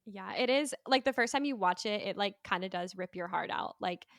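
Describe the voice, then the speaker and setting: A woman talks through a film in relaxed podcast chat, her voice smooth and resonant. The sound is dry and close, with no room around her. She strings her thoughts together loosely, peppered with "like.". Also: mid-range voice, a little fast, no echo. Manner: chatty, heavy use of "like". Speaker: podcast panelist. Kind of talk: casual movie discussion.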